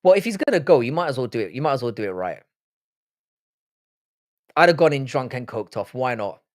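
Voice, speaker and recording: A man's voice: mid-range voice, lively intonation, fairly quick. A young man from Cork with an Irish accent, hosting a casual livestream and answering viewer comments in a blunt, sweary, rambling way. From Ireland. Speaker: livestream host. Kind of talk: casual live-stream chat reading viewer comments.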